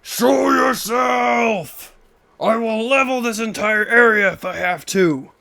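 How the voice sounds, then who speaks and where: A man voicing a threatening male pursuer who shouts out a challenge in a high, strained voice. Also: slow pace, creaky, exaggerated voice. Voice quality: shouting loudly.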